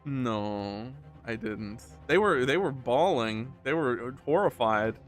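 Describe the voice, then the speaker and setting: A man's voice: medium pitch, lively intonation, slow, faint music behind. A young man streaming a game, chatting casually and telling a rambling story with frequent laughter. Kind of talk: casual let's-play chat.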